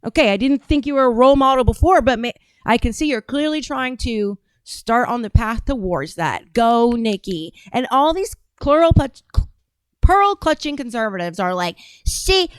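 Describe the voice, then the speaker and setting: A woman's voice: a little high, animated, normal speed, smooth, no room sound, studio quality. A woman hosting a reaction video, talking casually in a blunt, rambling, profane way.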